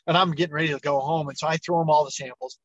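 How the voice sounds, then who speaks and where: A middle-aged man, an entrepreneur guest on an interview show, telling his story with lively acted-out dialogue. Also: a little high, rapid-fire, dry recording, lo-fi sound. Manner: animated storyteller, acts out quoted dialogue.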